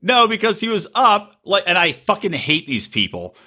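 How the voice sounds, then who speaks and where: A man co-hosting a podcast in casual, profane chat, animated and full of voices. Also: normal speed, slightly rough. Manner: animated, profane, mimics people in high voice. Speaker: podcast co-host.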